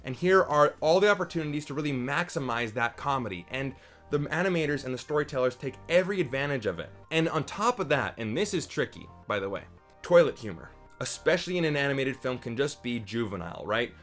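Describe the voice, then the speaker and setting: A man's voice: medium pitch, expressive, fast, a bit bright, faint music behind. A man giving an enthusiastic, conversational movie review, often checking in with "right?". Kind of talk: casual spoken review.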